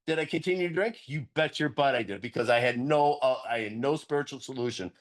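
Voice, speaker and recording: A middle-aged man talks candidly about recovery and sponsoring others. He is earnest and animated and laughs often. When a point matters to him, his voice leaps sharply upward. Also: medium pitch, fast talker. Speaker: recovery sponsor sharing at a meeting. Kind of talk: candid recovery-meeting share.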